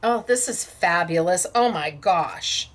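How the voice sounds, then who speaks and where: A woman hosting a craft show, excitedly showing off viewers' samples, gushing and stammering as she talks. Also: on the low side, takes it slowly.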